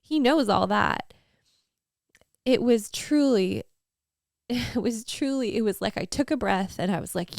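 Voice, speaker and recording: A woman in her thirties talks candidly on a faith podcast, earnest and rambling, full of fillers. Her voice has a gravelly, fry-laced texture. The sound is dry and close. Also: on the high side, unhurried, long pauses, darkish tone, no room sound. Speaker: podcast co-host.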